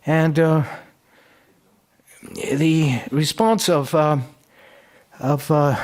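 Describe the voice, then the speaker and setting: A man's voice: on the high side, drawn-out words, long pauses. A middle-aged man giving a conference lecture, telling history as a story with many fillers and restarts. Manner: storytelling, recounting historical debates and quoting speakers in lively voices.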